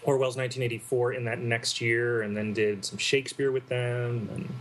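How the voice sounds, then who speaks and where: A man, an actor guest, telling animated anecdotes in a casual interview, laughing as he goes. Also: medium pitch, normal speed, a little hiss or hum. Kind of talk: casual storytelling.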